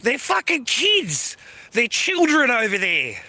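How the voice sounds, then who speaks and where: A man venting on a live stream, cursing freely in a blunt, irritated rant. His voice sits high and sounds sharply bright and forceful. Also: wildly swooping pitch, takes it slowly, no echo. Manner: angry, heavy swearing, blunt. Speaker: livestreamer.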